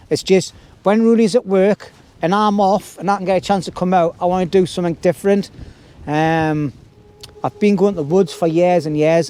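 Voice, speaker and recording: A man's voice: sits high, mellow. A middle-aged man, chatting casually to camera at his hilltop camp. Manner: chatty and colloquial. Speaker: vlogger. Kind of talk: casual outdoor vlog chat.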